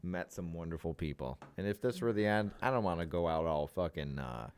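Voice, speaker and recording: A man's voice: low voice, expressive, brisk, a little mellow, clear, resonant tone. A young man co-hosting a podcast, chatting casually in a rambling, profane way and laughing often. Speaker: podcast co-host. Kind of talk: casual chat.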